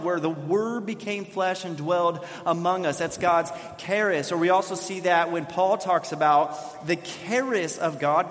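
A man with a fairly high voice preaches to his church, keeping it chatty with frequent "right?" asides. His words ring out with a long hall reverb. It sounds like a sanctuary sermon. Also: a bit bright. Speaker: pastor.

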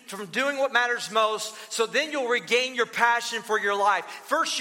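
Bright-voiced pastor preaching in echoing sanctuary. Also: male voice, very high-pitched. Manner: conversational, storytelling, joking asides. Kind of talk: sermon. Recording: long reverb of a large hall.

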